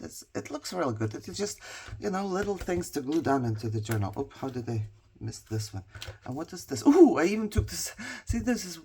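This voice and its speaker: A woman with a husky voice, chatting casually as a crafting vlogger who shows her projects, rambles and laughs often. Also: very deep voice, mellow. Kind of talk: casual show-and-tell chat.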